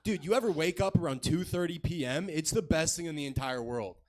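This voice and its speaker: A man's voice: fairly high pitch, fairly quick. A man in his twenties doing a crude, self-mocking stand-up set on a comedy club stage. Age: 20s.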